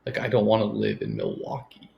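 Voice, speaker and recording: Low gravelly-voiced man talking sports. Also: little pitch movement, brisk, highs cut off. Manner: joking, offers hot takes, trails off mid-thought. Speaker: podcast co-host. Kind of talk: casual sports chat.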